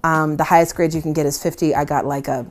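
Lively, self-mocking woman storyteller. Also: low voice, fast talker, soft background music. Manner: animated, self-deprecating, laughs often. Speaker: worship leader, guest. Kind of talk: casual storytelling in conversation.

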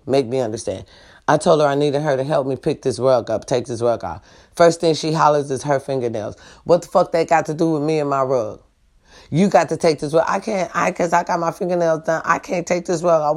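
A woman's voice: a bass voice, a little mellow. A woman vlogger ranting to her viewers in a blunt, profane way, often asking if they understand her. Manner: blunt, profane, keeps asking the audience for agreement. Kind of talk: casual rant to viewers.

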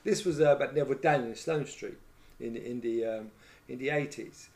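A man's voice: medium pitch, moderate pace, a little mellow. A middle-aged man, telling rambling anecdotes about his years as a hairdresser in a casual chat. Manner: rambling storyteller, many fillers like "right?" and "you know what I mean?". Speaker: former hairdresser telling stories.

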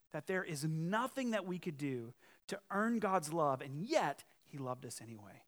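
Emphatic male pastor with a higher voice. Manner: emphatic, swings from loud challenge to quiet earnest appeal; conversational asides, rhetorical questions. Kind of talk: sermon.

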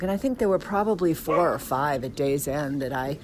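A middle-aged woman telling a rambling personal story about dogs at home, animated, with squealing quoted excitement. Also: sits low, brisk, background noise. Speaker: dog owner telling a story. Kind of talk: casual storytelling. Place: outdoors then indoors at home with dogs.

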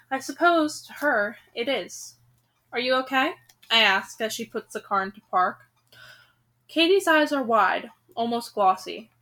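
A woman reading a young adult novel aloud chapter by chapter, doing the characters' lines in her own voice. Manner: breaks off reading to rant, swearing and laughing; quiet, low-key aside after the break. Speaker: audiobook reader.

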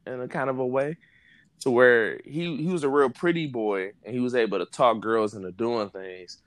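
A man's voice: medium pitch, normal speed, no echo. Laid-back man telling stories, dry sound. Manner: laid-back, slangy, laughs often, quotes people in voices. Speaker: podcast host telling stories. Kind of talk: casual storytelling chat. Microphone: phone app recording.

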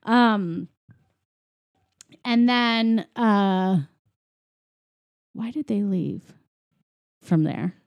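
A woman casually retelling a film's plot to a co-host, animated, with lots of fillers. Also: mid-range voice, very slow, long pauses, dry recording, lo-fi sound. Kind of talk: casual film recap chat.

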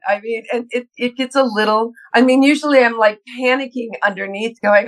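A middle-aged woman, a guest actress, chatting in an interview and telling lively stories about her work, acting out her own nervous thoughts with laughs and restarts. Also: fairly high pitch, moderate pace, rough recording. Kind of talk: casual interview chat.

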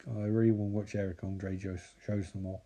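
A sarcastic man riffing through a bad horror movie, mocking its plot with a mellow, warm tone. His delivery is loose and jokey. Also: lowish voice, little pitch movement, fairly quick. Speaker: movie recap commentator.

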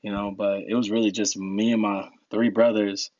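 A man's voice: lowish voice, little pitch movement, normal speed, a little mellow, no echo, lo-fi sound. A young man from New Jersey, a podcast guest telling stories in a laid-back way, laughing often. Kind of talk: casual storytelling.

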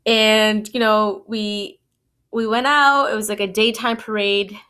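A woman in her twenties hosts a podcast and tells a personal story casually, peppering it with "like" and "you know" and laughing at herself. Her mid-range voice is bright, smooth and forceful, with a steady tone and measured pace.

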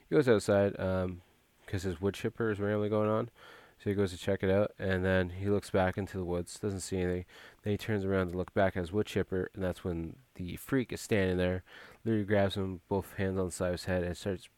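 A man's voice: low voice, flat delivery, fairly quick, a little mellow, no room sound. A man casually recapping a movie plot, rambling with frequent filler words and restarts.

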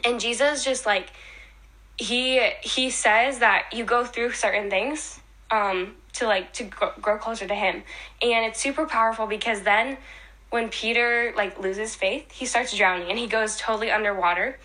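Young woman co-host, bright voice, excitable and chatty, leans on "like" while recounting. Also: on the high side, normal speed. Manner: enthusiastic, retells scenes with many fillers. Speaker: podcast co-host. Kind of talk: casual faith chat.

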